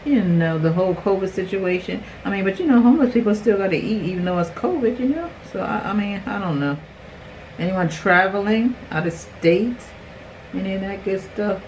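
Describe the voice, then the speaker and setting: Her voice sits at medium pitch as this woman in her forties, a beauty vlogger, chats right to her viewers during a home makeup tutorial. Slight background noise comes through on the low-quality recording.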